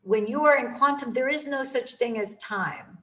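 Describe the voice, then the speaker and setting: A woman's voice: high-pitched, moderate pace, a bit bright, far from the mic, rough recording. A woman giving an enthusiastic, emphatic motivational talk about manifesting, repeating phrases for emphasis.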